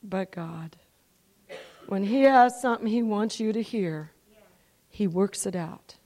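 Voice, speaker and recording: A woman preacher telling stories in a sermon, swinging from quiet confiding lines to near-shouted dramatic peaks. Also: mid-range voice, takes it slowly. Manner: animated, rises to near-shouting when telling dramatic parts. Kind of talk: sermon storytelling.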